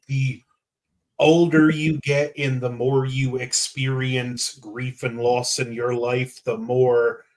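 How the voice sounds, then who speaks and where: A man's voice: mid-range voice, a little mellow, rough recording. A man, a guest on a casual film review podcast, who speaks reflectively and fills his sentences with "like" and "just". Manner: thoughtful and reflective, with many fillers of "like" and "just".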